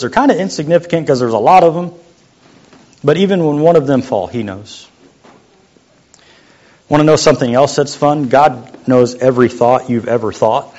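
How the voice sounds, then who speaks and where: A young adult man preaching a sermon as a youth pastor, in a conversational, joking way that sometimes drops to a quiet voice. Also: medium pitch. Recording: muffled lo-fi sound.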